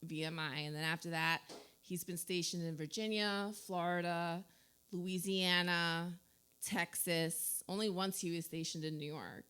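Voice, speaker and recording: A New Jersey woman in her thirties hosts a casual radio chat show from a studio, talking loosely, saying "like" a lot, and laughing often. Her voice is fairly low, clean, and fairly bright, with fairly even intonation and a measured pace.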